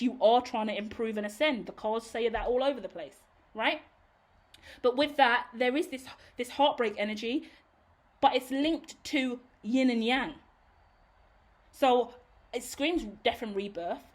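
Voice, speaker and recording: Chatty woman giving a tarot reading. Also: on the high side. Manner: rambling and reassuring, addresses the viewer directly; laughs at her own tangents, casual swearing. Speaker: tarot reader. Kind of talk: casual spiritual tarot reading to camera.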